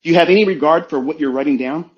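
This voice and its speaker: A man, a trading mentor, giving a forceful motivational rant full of swearing and rhetorical questions. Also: fairly high pitch, racing. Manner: forceful, profane, preachy. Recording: dull lo-fi sound.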